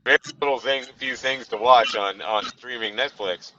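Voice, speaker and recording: A man's voice: medium pitch, normal speed, pushed and bright. A man co-hosting a casual film chat from his car, rambling with lots of fillers. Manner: rambling, frequent "you know" fillers. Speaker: podcast co-host. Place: in a car while driving. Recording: dull lo-fi sound with faint background noise.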